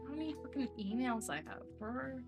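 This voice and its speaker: A woman's voice: high voice, animated, fairly quick, dull audio, over music. A young woman streamer chatting casually and rambling to her viewers, now and then cooing to her cat. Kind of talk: casual live-stream chat.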